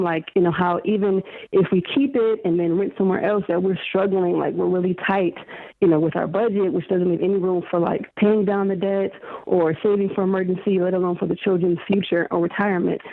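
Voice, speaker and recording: A woman's voice: fairly low pitch, steady tone, brisk. A woman calling in to a radio show, hesitantly explaining her money situation with lots of ums. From Detroit area. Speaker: caller. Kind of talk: phone-in question. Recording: tinny phone line.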